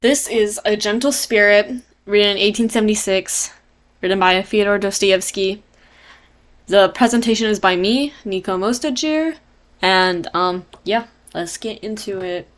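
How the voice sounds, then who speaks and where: A woman's voice: medium pitch, a little slow. A young woman presenting a casual book report, rambling with lots of fillers and jokey asides. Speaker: student presenter.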